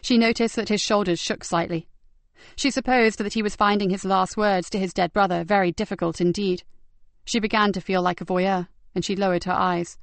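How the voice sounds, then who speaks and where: A woman reads a crime novel aloud in a steady, measured way, her voice sitting at an ordinary middle pitch. The recording is dry and close, with no room sound around her. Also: no echo. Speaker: audiobook narrator. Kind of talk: scripted crime novel narration.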